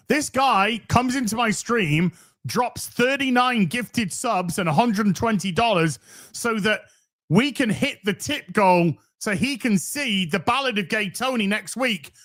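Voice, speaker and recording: A man's voice: high-pitched, fairly bright tone. A man hosting a commentary show, ranting sarcastically and mocking the streamer he reacts to. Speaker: commentary host.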